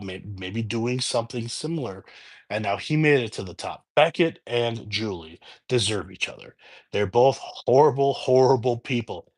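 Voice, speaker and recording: A man chatting through a movie review in a relaxed, unscripted way. His pitch sits in an ordinary middle range. He stumbles, restarts, and piles on fillers as he recounts the story from memory. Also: husky. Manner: rambling plot retelling with restarts, unscripted. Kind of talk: casual spoken film review.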